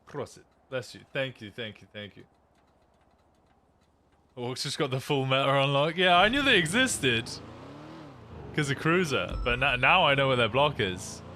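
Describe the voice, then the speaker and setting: A man's voice: medium pitch, very animated, normal speed, long pauses, sharp tone, slight background noise. A man streaming a game roleplay as a police officer, upbeat and chatty, often repeating himself as he talks to players and viewers.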